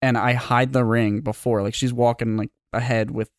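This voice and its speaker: A man's voice: medium pitch, flat delivery, normal speed, dry recording, clean studio sound. A man co-hosting a casual podcast, telling a long rambling story full of fillers and acted-out quotes. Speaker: podcast co-host.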